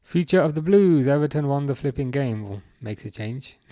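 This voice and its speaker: A man's voice: medium pitch, animated, moderate pace, a little mellow, no room sound, studio quality. Man hosting a chat stream. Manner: hesitant, lots of fillers and restarts. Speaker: livestream host. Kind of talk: casual chat reading viewer comments.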